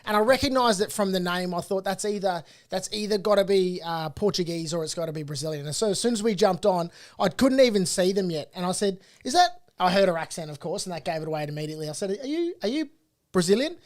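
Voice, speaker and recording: A man's voice: high voice, fast, hardly any pauses. An Australian man co-hosting a casual property podcast in a studio, earnest and emphatic, often repeating his words as he makes a point. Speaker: property coach and co-host.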